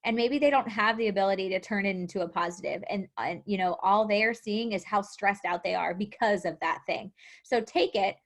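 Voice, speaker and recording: A young adult woman coaching her team in a motivational live talk, animated, acting out quotes and laughing often. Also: medium pitch, a little fast. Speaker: fitness coach.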